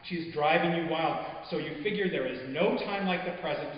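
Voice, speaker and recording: Guy reading his short stories live, slightly high voice, super echoey hall, kinda muffled. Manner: measured, intimate storytelling with soft drops. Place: arts venue stage, before an audience.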